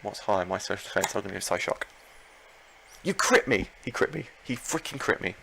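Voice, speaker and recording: A man commenting live on his own Pokémon battle, excitable, talking to himself and his opponent and repeating phrases. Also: lowish voice, a little fast, noisy background. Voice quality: gravelly.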